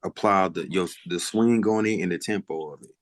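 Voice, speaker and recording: A male student answering in class, halting with fillers and scatting beat patterns to explain. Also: sits low, no echo, studio quality.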